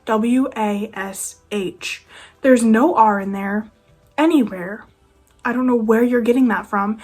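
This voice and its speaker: A woman's voice: on the high side, moderate pace, soft background music. A nineteen-year-old woman ranting casually to camera, sarcastic and exasperated. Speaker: vlogger. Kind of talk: casual rant.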